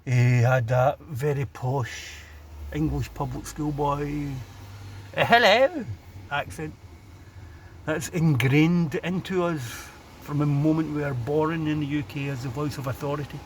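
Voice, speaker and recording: With a fairly high, darkish voice and fairly even intonation, a Scottish vlogger speaks unhurriedly in his Glasgow accent. He's outdoors near a city road, casually and sardonically ranting about the street he's filming, with a little hiss or hum audible.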